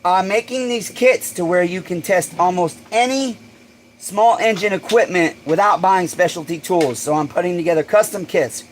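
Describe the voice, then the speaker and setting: Hyped up guy on his livestream, high voice, cussing a lot, faint background hum. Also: moderate pace, low-quality recording. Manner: excitable, swears freely, bursts into shouts. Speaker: livestream host. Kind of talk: casual livestream chat.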